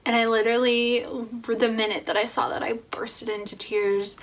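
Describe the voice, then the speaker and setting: A young woman talking casually in a pregnancy vlog, chatty and full of "like", with soft breathy asides. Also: on the high side, level tone, normal speed. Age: young adult. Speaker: vlogger.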